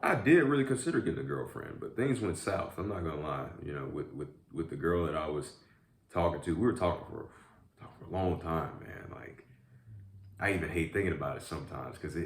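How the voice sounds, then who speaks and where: A young adult YouTube vlogger chats casually and rambles while eating in a mukbang, often saying "man" and "y'all." His bass voice is expressive and fairly quick, with a reverberant sound.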